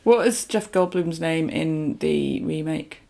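A woman's voice: low voice, slow pace, gravelly, warm tone. A woman on a podcast chatting about an old film. She talks casually and drops in wry little comments. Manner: responsive, adds wry comments. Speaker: podcast co-host.

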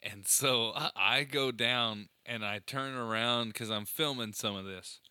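A man tells funny stories in a loose, animated chat, laughing as he goes. His voice is very bright and crisp. The sound is dry and close, with no room around it. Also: medium pitch, unhurried, dry recording. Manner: animated storyteller, laughs often. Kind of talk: casual chat.

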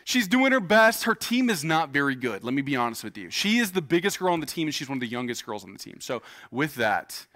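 A man's voice: fairly high pitch, very animated, brisk, hardly any pauses, a bit bright. A man in his thirties, a pastor preaching a sermon in a casual, joking way, telling personal stories to a church congregation. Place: church stage before a congregation.

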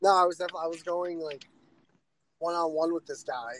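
A man's voice: fairly high pitch, fairly even intonation, normal speed, a bit bright, a little hiss or hum. A man co-hosting a podcast in casual chat, rambling with lots of fillers. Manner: rambling, many "like" fillers, mocking quotes. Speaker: podcast co-host.

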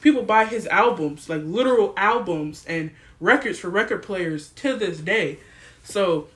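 A young woman guest on a podcast, talking in an emphatic, animated, slangy way. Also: mid-range voice, a little slow. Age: young adult. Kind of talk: casual podcast chat.

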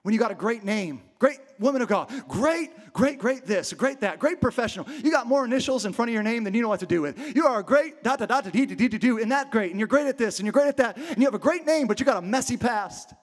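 High-voiced preacher acting out scripture. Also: male voice, lively intonation, quick pace, few pauses. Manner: dramatic, acts out the story in voices, builds to passionate peaks. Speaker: pastor. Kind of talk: sermon. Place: church hall with a live congregation.

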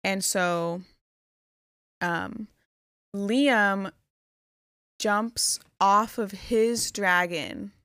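A young woman recaps a fantasy plot in loose, rambling casual chat, peppered with fillers. Her voice sits at a middling pitch, recorded close and dry with no room sound. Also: extremely slow, pauses often, a bit bright, clear, resonant tone, dry recording. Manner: rambling retelling with many "like" fillers. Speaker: podcast co-host.

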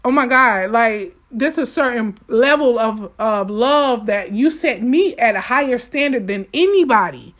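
Fervent woman preaching, voice set fairly high. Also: expressive, unhurried, few pauses. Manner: emphatic and repetitive, addressing listeners directly; switches between fervent outbursts and quiet asides. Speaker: devotional speaker. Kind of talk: informal spoken devotional.

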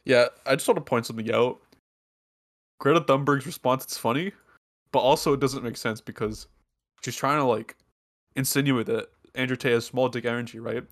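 A male podcast host talks in a relaxed, chatty way at a mid pitch. He laughs between lines and keeps checking in with the listeners. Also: normal speed. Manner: chatty, laughs often, seeks agreement from listeners. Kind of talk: casual podcast chat.

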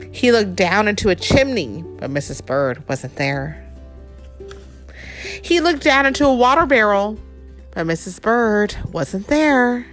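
Expressive woman reading a picture book aloud. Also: medium pitch. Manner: expressive, playful storytelling with chuckles. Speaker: reader.

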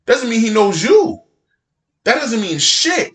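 A man's voice: very high voice, sing-song, slow, fairly bright tone, reverberant. A man in his thirties co-hosting a podcast in casual chat, blunt and laid-back, swearing freely. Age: 30s. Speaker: podcast co-host.

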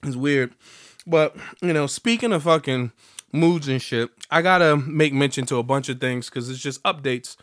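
A man's voice: medium pitch, moderate pace. A young man hosting his own podcast, chatting profanely and animatedly, with a voice still slightly off after being sick. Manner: profane, animated, breaks into sung bits. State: recovering from illness, voice slightly off. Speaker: podcast host. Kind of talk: casual solo podcast monologue.

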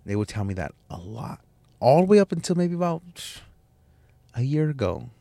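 A man's voice: medium pitch, sing-song, normal speed, gravelly, mellow, no room sound. A man hosting a podcast, telling a personal story in a candid, emotional way, swearing and restarting his sentences. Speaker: podcast host.

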